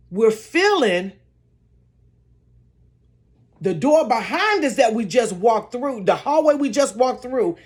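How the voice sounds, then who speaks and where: An older woman spins a dramatic tale from her bedroom, speaking straight to her viewers. She talks slowly, with a voice that leaps up and down in pitch, sitting a little high for a woman. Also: a little mellow. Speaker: storyteller. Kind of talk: casual storytime chat.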